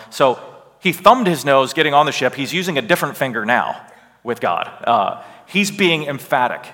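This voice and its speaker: A man teaching a Bible lesson with slides, emphatic and animated, often checking in with a rhetorical "right?". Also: mid-range voice, moderate pace, big-room sound. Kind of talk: lecture with slides.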